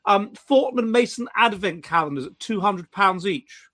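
A man with a high, bright, forceful voice, talking animatedly in a casual chat. He stumbles and restarts his sentences often. His tone turns mocking as he goes. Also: animated, normal speed. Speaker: podcast co-host.

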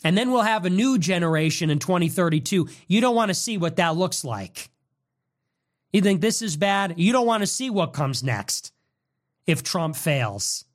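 A man's voice: high-pitched, very animated, moderate pace. A man hosting a political show, delivering an angry, combative monologue.

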